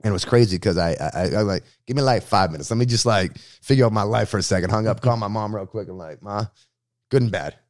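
A man from Boston, a radio host, telling his story in a casual interview with a slangy, lively way of talking. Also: on the low side, fast, no echo, studio quality.

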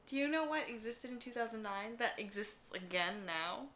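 A woman's voice: on the high side, animated, moderate pace, a bit bright. A woman co-hosting a podcast in casual chat, making dry, blunt remarks. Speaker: podcast co-host.

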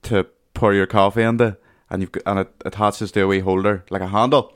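A man's voice: lowish voice, fairly quick, no room sound. A man, a podcast guest, chatting casually and telling stories with constant swearing. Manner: sweary, storytelling, animated. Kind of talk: casual chat.

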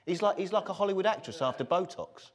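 A man on a comedy football panel, rattling off sarcastic quips at a quick clip. His pitch sits a bit high and jumps around a lot as he riffs. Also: animated, very noisy. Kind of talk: joking panel chat.

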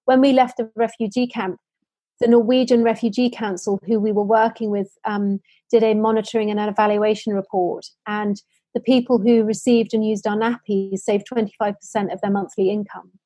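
A woman's voice: medium pitch, little pitch movement, moderate pace, dark tone, dry recording, low-quality recording. A woman from the UK, telling heartfelt stories earnestly as an interview guest. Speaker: social entrepreneur guest. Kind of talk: interview storytelling.

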